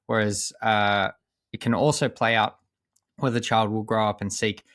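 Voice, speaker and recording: Young guy with a lowish voice, reflective, talks slow and earnest, restarts a lot, dry sound. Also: flat delivery, fairly bright tone, dry recording. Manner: measured and earnest, with frequent pauses and restarts. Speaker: high performance coach, podcast guest. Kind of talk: reflective personal storytelling.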